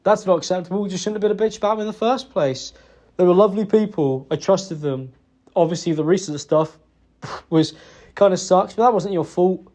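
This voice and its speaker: A young man giving a halting, emotional apology close to tears, with many restarts. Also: sits high, darkish tone. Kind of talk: recorded personal apology. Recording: dull lo-fi recording.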